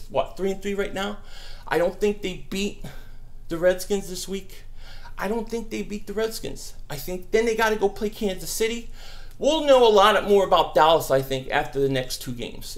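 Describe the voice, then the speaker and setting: Brash, high-voiced male stream host. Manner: animated, brash, mocks trolls. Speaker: live stream host answering viewer questions. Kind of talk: casual live stream Q&A.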